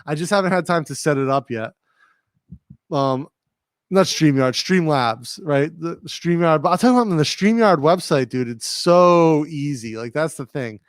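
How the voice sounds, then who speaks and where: A man's voice: a little high, animated, normal speed, smooth, no room sound. A man with a slight New England accent hosting a livestream from his studio, chatting casually and reading out viewer comments. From Rhode Island, USA. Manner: rambling, laid-back, talks to viewers directly. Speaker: livestream host. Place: home studio.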